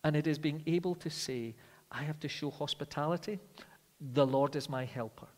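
Male preacher, earnest sermon delivery that drops to quiet, slow emphasis; long hall reverb. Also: fairly high pitch. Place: church.

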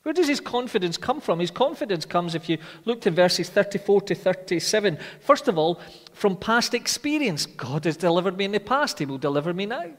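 A man preaching a sermon with dramatic rhetorical questions, rising loud and falling quiet. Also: high-pitched, sing-song, fairly quick. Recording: long hall reverb.

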